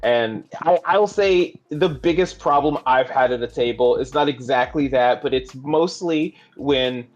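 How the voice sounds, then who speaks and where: A man co-hosting a tabletop gaming talk show, speaking in a thoughtful, measured way. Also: medium pitch, dull audio. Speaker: podcast co-host. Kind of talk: casual chat.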